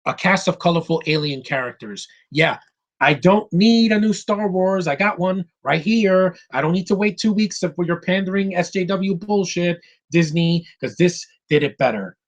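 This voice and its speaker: A man giving an excited, ranting film review, swearing and acting out lines from the movie. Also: high voice, moderate pace, dull audio.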